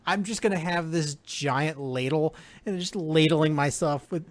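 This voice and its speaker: A man co-hosting a casual sports podcast, laid-back and joking, often pausing with fillers. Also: on the high side. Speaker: podcast co-host. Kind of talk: casual sports talk chat.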